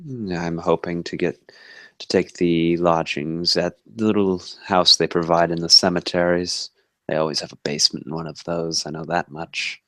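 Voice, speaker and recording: A man playing a deep-voiced courteous vampire. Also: steady tone, fairly bright tone, no room sound, clean studio sound. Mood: polite. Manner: formal, courteous, unhurried storytelling. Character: homeless male vampire, polite and measured. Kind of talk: tabletop role-play in character.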